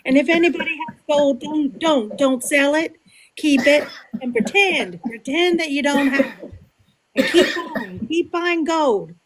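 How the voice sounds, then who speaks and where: A woman's voice: sits high, big pitch swings, a little fast, hardly any pauses. A woman caller putting on a clumsy Australian accent in a joking way, sliding toward a Southern twang. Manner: jokey, drifting into a Southern twang.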